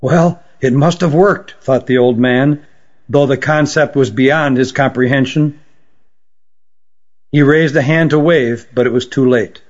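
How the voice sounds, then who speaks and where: A man narrating an audiobook story at a steady, even storytelling pace. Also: mid-range voice, unhurried, long pauses. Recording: dull lo-fi recording.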